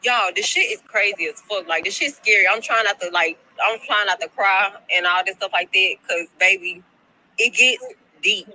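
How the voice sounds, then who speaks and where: Woman spinning a gossipy storytime, chatty and cursing, with a piercing bright tone. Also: medium pitch, normal speed, poor audio. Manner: chatty, slangy and profane, repeats herself. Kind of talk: casual storytime to followers. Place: at her workplace.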